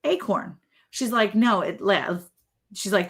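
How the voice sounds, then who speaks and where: A woman's voice: medium pitch, normal speed, slightly rough. A woman hosting a casual live chat, telling stories and laughing often. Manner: chatty, laughing, storytelling. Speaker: live stream host.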